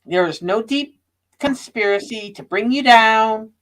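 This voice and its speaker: A woman's voice: fairly high pitch, a little slow. A woman in casual live-stream chat, speaking bluntly and cuttingly.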